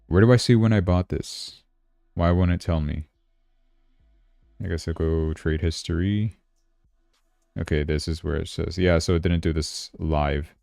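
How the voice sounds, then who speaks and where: A man's voice: low-pitched, unhurried, creaky, pauses often, a little mellow, dry recording, clean studio sound, faint music behind. A man hosting a casual crypto livestream, chatting and thinking aloud as he checks his charts, sounding tired. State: yawning, tired.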